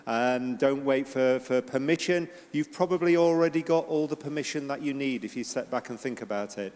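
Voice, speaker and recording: A man on a conference panel, giving energetic and encouraging advice. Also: medium pitch, moderate pace. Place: large conference hall. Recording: long hall reverb.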